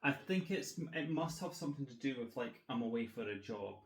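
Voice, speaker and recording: A man's voice: medium pitch, lively intonation, a little fast. A man with a Scottish accent talks in a dry, matter-of-fact manner. He drops casual swears as he explains things. The sound carries an echoey room. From Scotland. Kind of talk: casual chat.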